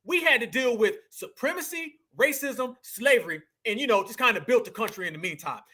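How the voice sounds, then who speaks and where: High, bright-voiced man preaching to listeners. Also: animated, brisk, husky. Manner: preachy and emphatic, repeats lines, swears, calls listeners family. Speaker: online show host. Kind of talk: impassioned commentary monologue.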